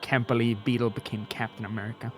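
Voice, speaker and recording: A man's voice: mid-range voice, little pitch movement, fast talker, over loud music, low-quality recording. A man playing a tabletop game, blunt and emphatic. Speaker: player.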